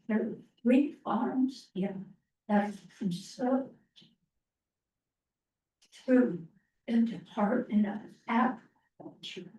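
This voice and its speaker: A woman presenting to a town planning meeting, speaking slowly with many pauses and ums. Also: on the high side, mellow, slight background noise. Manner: slow, halting, many ums. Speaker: open space committee presenter. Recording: roomy, distant, muffled meeting audio.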